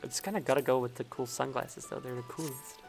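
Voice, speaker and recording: A woman's voice: very deep voice, steady tone, quick pace, gravelly, faint music behind. A young woman streamer giving casual commentary as she plays, chatty and muttering little asides, often repeating words.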